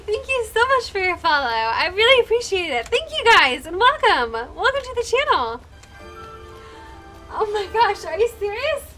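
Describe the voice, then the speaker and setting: Woman streamer, super high bright voice, bounces all over, thanks everyone by name, kinda teary. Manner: easily moved, close to tears. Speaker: live streamer. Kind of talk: casual live-stream chat while gaming.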